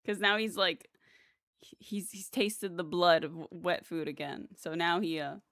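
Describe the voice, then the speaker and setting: A woman's voice: steady tone, unhurried, fairly bright tone, dry recording, clean studio sound. A young woman livestreaming a video game, chatting casually and rambling with lots of fillers, laughs and playful voices for her cats. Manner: talks to her pets in playful squeaky voices. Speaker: streamer playing a video game. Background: game music.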